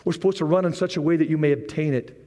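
A man preaching a sermon as pastor, animated, with repeated rallying phrases and joking asides. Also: fairly high pitch, fast talker. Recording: long reverb of a large hall.

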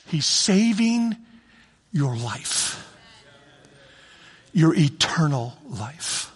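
Animated preacher man in a reverberant hall. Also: sits high, takes it slowly, pauses often. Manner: animated, acts out God's voice, swings from shouting to hushed. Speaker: pastor. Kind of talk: sermon.

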